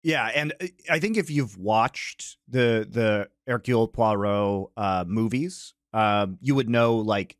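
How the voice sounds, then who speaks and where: A man's voice: lowish voice, dry recording, clean studio sound. A man hosting a podcast, chatting casually and explaining with enthusiasm. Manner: enthusiastic, explanatory, many fillers. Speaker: podcast host.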